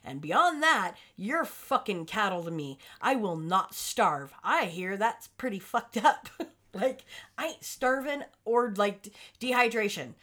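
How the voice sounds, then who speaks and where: A profane, crude woman co-hosting a casual podcast. Her pitch swings widely as she banters. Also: big pitch swings, measured pace, bright, forceful tone. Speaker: podcast co-host. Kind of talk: casual chat.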